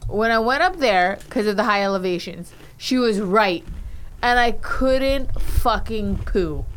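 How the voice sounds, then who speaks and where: A woman's voice: medium pitch, lively intonation, a little slow, clean tone, rough recording. A woman co-hosting a podcast, telling a rambling story with lots of fillers and swearing. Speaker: podcast co-host. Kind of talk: casual chat.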